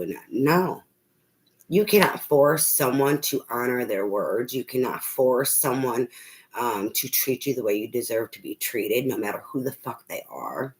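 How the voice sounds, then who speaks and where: A middle-aged woman who reads tarot vents emotionally about family trouble in a rumbling low, expressive voice, a little slow. She's blunt and emphatic, swears often and keeps restarting sentences, and the recording quality is low.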